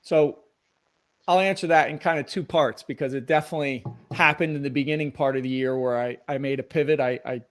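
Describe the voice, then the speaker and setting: A man's voice: mid-range voice, steady tone, fairly quick, soft background music. A middle-aged man, a guest on an interview show, talking earnestly in a motivational coaching tone about habits and routines. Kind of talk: conversational interview.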